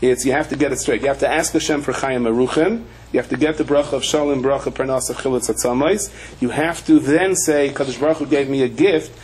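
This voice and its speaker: A man with a voice of ordinary pitch gives a sermon-style Torah lecture as a rabbi. He tells humorous stories along the way and briefly acts out the voices of the people in them. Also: steady tone, quick pace, a little mellow, slight background noise, rough recording. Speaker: rabbi teaching a Torah class.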